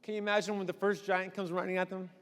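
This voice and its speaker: A male pastor preaching a sermon in an animated storytelling manner, acting out voices. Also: high-pitched, fast, clear, resonant tone, long reverb tail.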